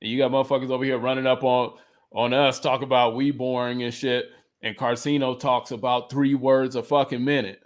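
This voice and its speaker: A man's voice: medium pitch, little pitch movement, a little fast. A man co-hosting a podcast, ranting in a profane, heated way in casual chat. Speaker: podcast co-host.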